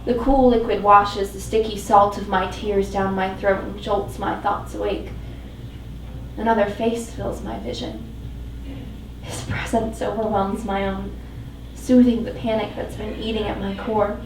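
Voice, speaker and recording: A woman's voice: mid-range voice, unhurried, background noise. Woman reading dramatic fiction live. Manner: dramatic, emotionally intense reading. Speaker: fiction reader. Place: live event venue. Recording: echoey live venue, mic at a distance.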